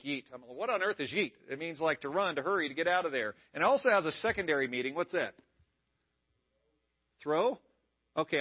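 A man with a high voice preaches a sermon to his church. He keeps it conversational and drops playful asides to the congregation. The sound is dull and lo-fi. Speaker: pastor. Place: church service.

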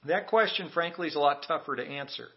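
A man's voice: fairly high pitch, quick pace, highs cut off. A man preaching a sermon as pastor, emphatic and calling on the congregation to repeat lines back. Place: church sanctuary.

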